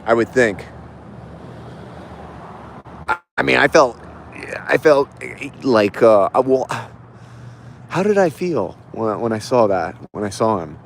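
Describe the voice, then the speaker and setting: A man hosting a casual livestream, telling a reflective story in a halting, rambling way with many restarts. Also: mid-range voice, animated, creaky, slight background noise. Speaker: livestream host.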